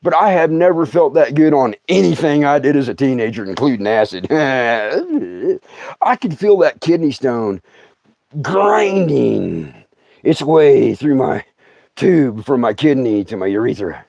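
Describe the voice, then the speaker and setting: A man's voice: mid-range voice, lively intonation, a little slow, gravelly, a little mellow, no room sound, highs cut off. A middle-aged man telling a comic story on a livestream, stammering, laughing often and putting on voices. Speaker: comedian. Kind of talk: storytelling stand-up.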